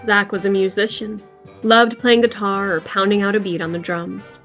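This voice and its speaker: A woman co-hosting a podcast, reading scripted true-crime narration in a measured way. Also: mid-range voice, flat delivery, a bit bright, soft background music. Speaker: podcast co-host.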